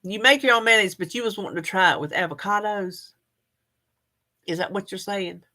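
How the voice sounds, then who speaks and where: A woman's voice: mid-range voice, a little fast, bright, forceful tone. A woman hosting a casual livestream, chatting folksily with viewers and laughing often. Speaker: livestream host. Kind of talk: casual live chat reading comments.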